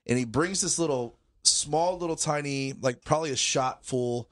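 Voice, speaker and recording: Halting man retelling a night out. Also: fairly high pitch, fairly bright tone. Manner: halting, repetitive storytelling, laughs through his lines. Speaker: podcast co-host. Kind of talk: casual chat.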